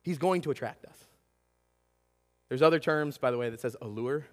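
With a medium-pitched voice and moderate pace, a pastor in his thirties tells sermon stories full of energy. He dramatizes shouting and whispering and often asks the congregation "right?", heard through long hall reverb.

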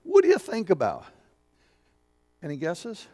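A man preaching a sermon in a lively, conversational way, asking the congregation questions and acting out little voices. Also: sits high, a little slow. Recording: long hall reverb.

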